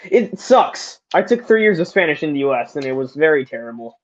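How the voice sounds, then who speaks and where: A laid-back guest offers wry comments in a relaxed group chat. The audio is dull and lo-fi like a call recording. The voice sits at an average pitch. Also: fairly quick. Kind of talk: casual chat on a video call.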